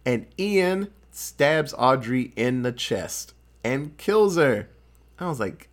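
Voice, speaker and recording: A man retelling a movie in a loose, profane chat. His voice sits a touch high and swings widely in pitch as he jumps into voices for each character. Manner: animated, profane, acts out characters' lines in quick voices. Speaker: podcast co-host recapping a film. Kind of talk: casual chat.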